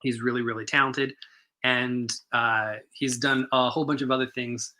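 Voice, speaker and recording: A man's voice: mid-range voice, level tone, moderate pace, bright, forceful tone. A man co-hosting a comic shop stream, chatting enthusiastically with lots of fillers and restarts. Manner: enthusiastic, rambling with many fillers. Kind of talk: casual chat.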